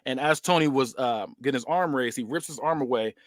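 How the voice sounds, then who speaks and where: In a dry, clean studio recording, a man with a mid-range voice briskly walks listeners through his fantasy-booked wrestling storyline, play by play. His podcast narration is casual and rambling, full of "um"s and false starts.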